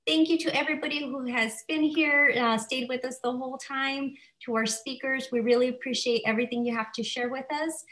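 A woman's voice: high-pitched, steady tone, brisk, hardly any pauses, fairly bright tone, poor audio. A woman hosting an online college info session, upbeat and encouraging as she answers questions. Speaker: event host.

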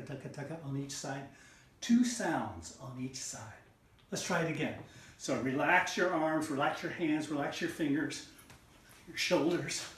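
In an online music lesson for children, a middle-aged man teaches body percussion, chanting rhythm syllables and encouragingly coaxing listeners into call-and-response. His voice is fairly high and fairly bright, recorded with a distant mic in a roomy space with slight background noise.

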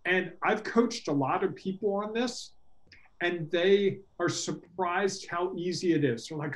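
A middle-aged man coaching entrepreneurs in a casual workshop talk, earnest and animated, acting out quoted dialogue. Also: sits high, a little slow. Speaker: workshop presenter and business coach.

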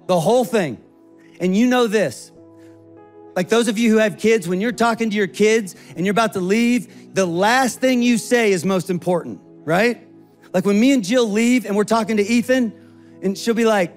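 Animated high-voiced man preaching. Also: a little fast, faint music behind. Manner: animated, acts out quoted voices. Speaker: pastor. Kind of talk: sermon.

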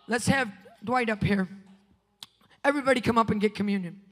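A woman preacher giving a fiery sermon in a church, swinging between shouting and hushed whispers. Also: a little high, brisk, pauses often. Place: church sanctuary. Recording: long church-hall reverb.

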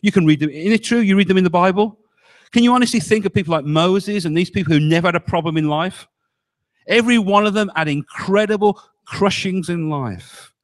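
A male pastor delivers a sermon at a fairly quick pace. He is emphatic, often dropping his voice low on key words and putting rhetorical questions to the congregation.

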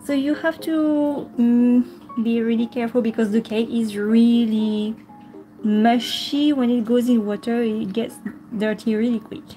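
High-voiced woman coaxing her pet on a vlog, giggly and pleading, slow, faint music behind. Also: fairly even intonation, mellow. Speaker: pet vlogger. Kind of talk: casual pet vlog narration.

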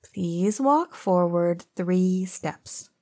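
A man voicing a frightened but firm young woman in an audiobook, speaking softly and carefully. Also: normal speed, dry recording. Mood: polite. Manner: soft raised pitch, careful pleading delivery. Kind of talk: audiobook character voice.

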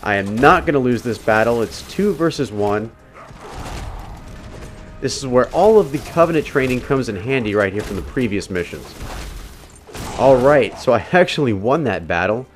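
Guiding viewers through a game one step at a time, a male narrator keeps things casual and instructive. His mid-range voice has lively intonation and normal speed, broken by long pauses. There's a slight hiss or hum.

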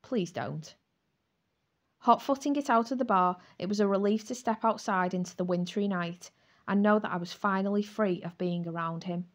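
A woman narrating a first-person romantic comedy novel aloud, with an expressive, wry storytelling manner. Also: medium pitch, brisk. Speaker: audiobook narrator.

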